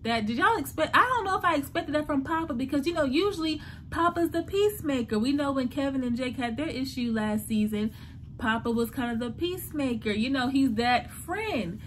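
A woman's voice: high-pitched, lively intonation, brisk, slight background noise. A woman hosting a casual TV recap, talking animatedly and acting out the characters' lines. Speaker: TV recap host.

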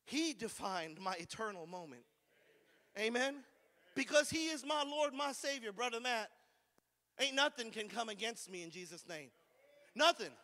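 A man's voice: very high voice, expressive, normal speed, sharp tone, in a large hall. A man preaching a fervent sermon as pastor, drawing call-and-response amens from the congregation.

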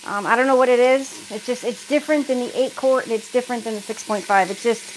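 A middle-aged woman from the United States talks while she cooks in her home kitchen. She is chatty and easygoing, and laughs often as she answers viewers' comments. Her voice sits a little high, with faint sizzling behind it. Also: fast, slight background noise, poor audio. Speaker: cooking livestream host. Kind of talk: casual chat while cooking.

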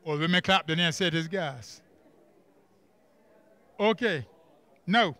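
Barbadian male Bible teacher, high crisp voice, drills the class with questions, dry close sound. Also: animated, fairly bright tone, dry recording. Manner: quizzes the class with quick questions and emphatic repeats. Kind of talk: church camp workbook lesson. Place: camp classroom.

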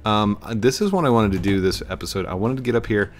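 A man's voice: lowish voice, lively intonation, fast talker, a little hiss or hum. Chatty man with a Missouri twang. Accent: rural Missouri twang. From Missouri, USA. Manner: rambling, chatty, self-mocking, chuckles often. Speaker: gaming channel host. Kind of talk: casual gameplay commentary. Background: faint game music.

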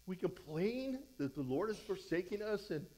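A male pastor preaching verse by verse in a noticeably high voice. He talks conversationally, restarting phrases, then presses his point with fervent exhortation. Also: big pitch swings, normal speed, warm tone, low-quality recording. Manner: fervent, exhorting, voice rises when fired up. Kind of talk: verse-by-verse sermon.

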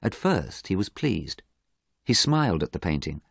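A man narrates a graded-reader story at an even, careful pace. His voice sits low but moves a lot in pitch, with a slightly husky edge. The sound is close and dry. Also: moderate pace, no echo. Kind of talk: scripted audiobook narration for learners.

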